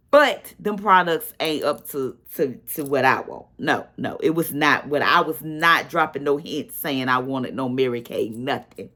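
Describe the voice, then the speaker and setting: A middle-aged woman, telling a personal story in casual vlog chat and acting out what people said. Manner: animated storyteller, acts out quotes with a higher voice.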